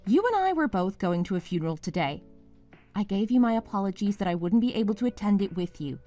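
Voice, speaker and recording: A woman's voice: medium pitch, very animated, fast, mellow, faint music behind, close to an everyday voice. Woman doing emotional wife confronting her guy, voice jumps all over. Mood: accusing. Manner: emotional, pleading then accusing. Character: upset young wife confronting her partner. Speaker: partner. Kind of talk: dramatized story dialogue.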